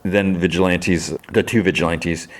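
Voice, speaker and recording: A man's voice: low-pitched, steady tone, normal speed. A man hosting a podcast, casually recapping a TV episode in a rambling way with many restarts. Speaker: podcast host.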